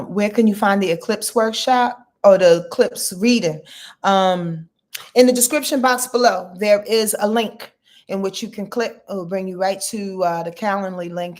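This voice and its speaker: A woman's voice: on the low side, a little mellow. A woman in her fifties hosting a casual astrology livestream from her bed, sleepy and chatty, talking straight to her viewers in loose slang. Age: 50s. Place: lying in her bed at home.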